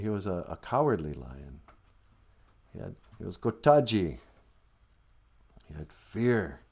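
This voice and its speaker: A man hosting a livestream, talking in a casual, rambling monologue and joking and laughing often. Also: on the low side. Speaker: livestream host.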